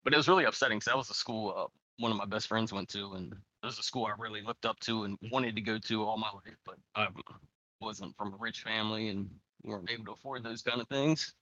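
Low-voiced man, laid-back podcast guest. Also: fast talker, pushed and bright, no echo, muffled recording. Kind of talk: casual podcast chat.

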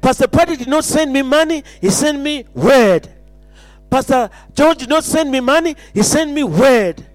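A man's voice: extremely high pitch, animated, moderate pace, dry recording. A man preaching an impassioned sermon, repeating phrases and stumbling into restarts.

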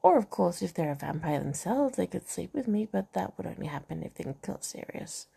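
Brief: woman reading a romance novel aloud, gravelly, dark tone, chatty asides. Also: on the low side, very animated, a little fast. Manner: reads dialogue and narration, breaks off to comment and laugh. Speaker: reader of a novel.

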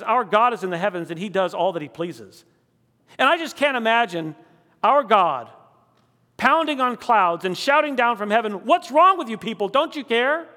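A man delivers a sermon in a high, bright voice that rings out across a big room with a long reverb tail. He builds his points through rhetorical questions, slowing down to stress the key words. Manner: dramatic, rhetorical questions, slows for emphasis. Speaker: preacher.

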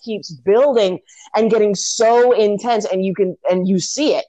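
A woman's voice: medium pitch, moderate pace, no echo. A woman in casual conversation about a favorite movie, retelling scenes with energy and frequent swearing. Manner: animated, swears freely, acts out scenes.

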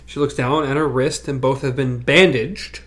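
A man co-hosting a podcast in casual review chat, animated and self-mocking. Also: medium pitch, normal speed. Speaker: podcast co-host.

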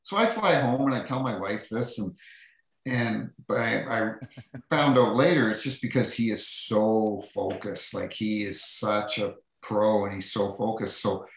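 Low-pitched man, middle-aged, roomy sound, chatty storyteller acting out quotes. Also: measured pace, creaky. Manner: animated anecdotes, acting out quotes, many restarts. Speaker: podcast guest, former hockey referee. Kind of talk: casual storytelling.

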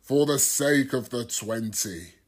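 A man voicing a male deity who speaks in firm, measured declarations. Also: medium pitch, expressive. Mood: solemn.

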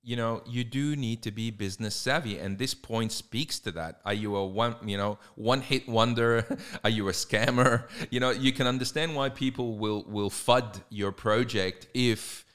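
A man's voice: mid-range voice, moderate pace, hardly any pauses, fairly bright tone, smooth. A man with an Australian accent co-hosting a casual podcast, giving blunt, direct advice. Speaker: podcast co-host.

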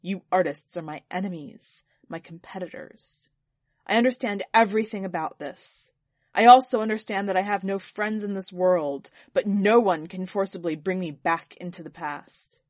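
A woman reading a story aloud, voicing a vain, wrathful man of power who barks at a painter in a lowered, forceful voice. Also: moderate pace, no echo, lightly acted. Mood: angry. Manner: shouting, wrathful. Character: vain angry powerful man called Sir.

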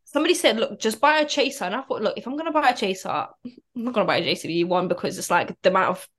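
A woman's voice: medium pitch, lively intonation, rapid-fire, a bit bright. A woman guest on a podcast, telling stories in casual chat, full of "like" and "right?". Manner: chatty storyteller, lots of "like" and "right?".

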